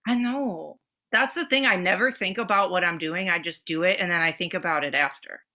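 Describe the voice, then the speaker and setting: A woman co-hosting a podcast, telling a story in casual chat, animated and swearing freely, acting out the people in it. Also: fairly low pitch, fairly quick. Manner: animated, swearing, acts out voices in anecdotes. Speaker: podcast co-host.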